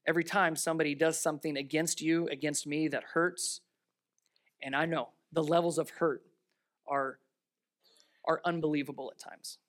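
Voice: medium pitch, flat delivery, normal speed, long pauses. Emphatic preacher asking rhetorical questions. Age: adult with children. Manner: swings between raised emphasis and quiet earnest tones. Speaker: pastor. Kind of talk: sermon.

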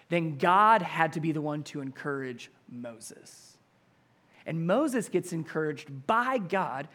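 Male pastor, high voice, conversational and animated sermon delivery, laughs easily. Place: church before a congregation.

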